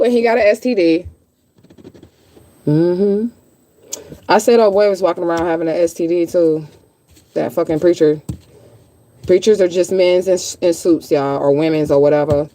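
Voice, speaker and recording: A woman's voice: on the low side, warm tone, a little hiss or hum. A woman reading tarot in a casual livestream chat, blunt, chatty and freely profane. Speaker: tarot reader.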